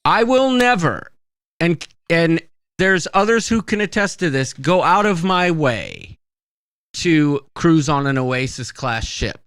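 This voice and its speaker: High, lively-voiced male podcast host. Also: slow pace, clean tone, no echo. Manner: rambling storyteller, many fillers. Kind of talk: casual chat.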